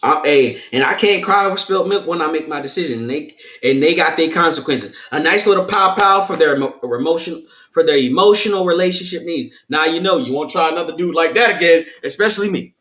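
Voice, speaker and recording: A man's voice: a little high, fairly quick, pushed and bright, reverberant. A man, a guest in a candid discussion who talks in a playful way and often restarts his sentences. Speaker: podcast guest.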